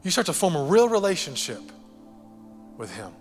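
Pastor guy preaching, jokey and fired up, big echoey church hall, soft music behind. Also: on the high side, moderate pace. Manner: animated, jokey, repeats key phrases for emphasis. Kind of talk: sermon.

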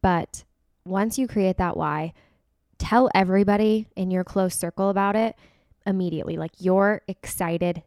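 A woman's voice: medium pitch, moderate pace, a little mellow, dry recording, clean studio sound. A woman co-hosting a wedding-planning podcast in casual chat, giving earnest, emphatic advice. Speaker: podcast co-host.

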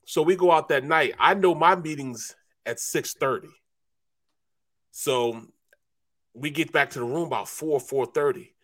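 A relaxed former football player from St. Louis who tells stories in a slow, easy way and drops in "man" and "you know" all the time. His voice sits a little above the usual pitch for a man. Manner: laid-back storyteller, says "man" and "you know" a lot. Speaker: sports talk show co-host, former football player. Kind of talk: casual sports talk storytelling.

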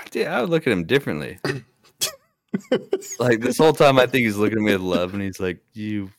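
A man's voice: on the low side, sing-song, a little fast, dry recording, studio quality. A young man co-hosting a comedy podcast, joking profanely and acting out bits. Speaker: podcast co-host. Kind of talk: casual comedic chat.

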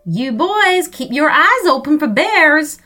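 Chirpy talking golf cart, high and loud; woman narrator puts it on. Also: very animated, takes it slowly, faint music behind, heavily acted. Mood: cheery. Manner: bright and cheery.

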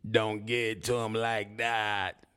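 A man's voice: fairly low pitch, little pitch movement, takes it slowly, a bit bright, clean tone. A man on a video channel ranting at a rival, taunting and confrontational, with mocking laughs. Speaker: YouTuber. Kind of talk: heated rant at a rival.

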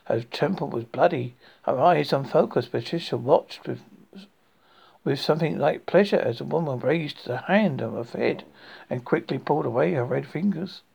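A man's voice: a little high, normal speed, vocal fry, a little mellow, slightly rough, dull audio. A man hosting a horror podcast, reading a story aloud with frequent stumbles and restarts.

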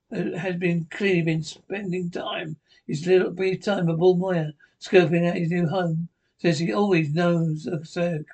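Halting man retelling a TV episode. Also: high-pitched, vocal fry, a little mellow, breathy edge, low-quality recording. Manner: halting reading with restarts. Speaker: podcast narrator.

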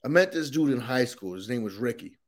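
A man's voice: medium pitch, expressive, a little fast. A man, a comedian guest on a podcast, in casual chat, slangy and saying "bro" a lot.

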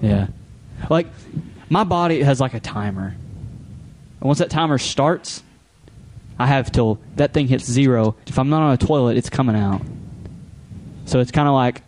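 Man, podcast co-host, casual chat, blunt humor, warm tone, faint noise. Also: mid-range voice, moderate pace, pauses often.

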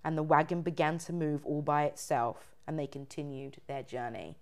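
Speaking at a normal speed in a low, steady voice, the woman hosting this podcast recounts a ghost story conversationally with many fillers; a faint hiss or hum sits in the audio.

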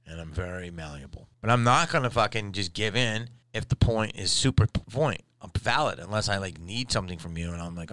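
A tired man, a podcast host and stand-up comic, ranting and telling a story in a profane, animated way with sudden loud outbursts. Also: on the low side, fairly quick, hardly any pauses, slight background noise. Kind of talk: casual ranting monologue.

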